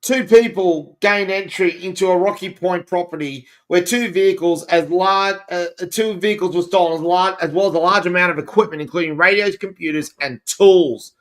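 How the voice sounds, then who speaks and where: A man's voice: high-pitched, moderate pace, few pauses. Australian man hosting a comedy podcast. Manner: laughing, wry asides. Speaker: podcast co-host. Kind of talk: comedic news banter.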